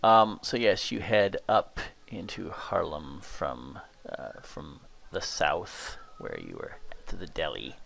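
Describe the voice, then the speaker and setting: A man running a tabletop horror game as game master, describing scenes in an unhurried way with many fillers. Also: low-pitched, lively intonation, gravelly, fairly bright tone.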